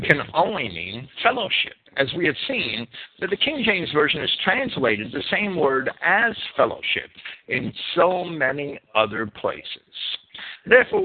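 A man with a New Jersey accent teaching a Bible sermon, emphatic and deliberate, stretching his key words. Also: on the high side, creaky, husky. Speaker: preacher. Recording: phone-like narrow sound.

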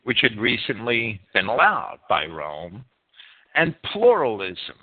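A man's voice: fairly low pitch, wildly swooping pitch, slow, husky. A man narrating a history lesson as presenter of a series, reading with swooping emphasis and occasional self-corrections. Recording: tinny phone-like band.

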